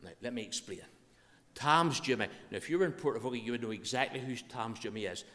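A man's voice: medium pitch, rapid-fire. A man with a Northern Irish accent, a minister leading prayer and preaching a sermon in an earnest, conversational way. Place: church. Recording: reverberant church hall sound.

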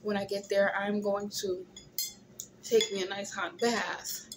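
A groggy, tired young woman, casually chatting in a vlog from a hospital room, often clearing her throat. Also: mid-range voice, flat delivery, takes it slowly, background noise. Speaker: vlogger. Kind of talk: casual vlog chat while eating.

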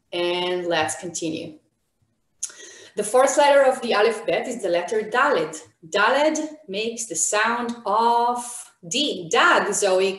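Female teacher, slow deliberate delivery, echoey room, upbeat encouragement. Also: medium pitch, fairly bright tone. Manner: encouraging, questions students by name. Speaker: Hebrew teacher. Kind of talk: online beginner language class.

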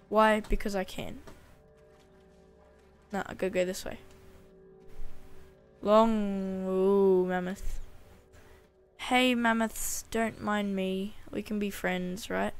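A woman's voice: mid-range voice, clear, resonant tone. A woman casually commenting as she plays a video game, chatty and playfully talking to the animals on screen. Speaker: gaming channel host. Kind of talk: casual let's-play commentary.

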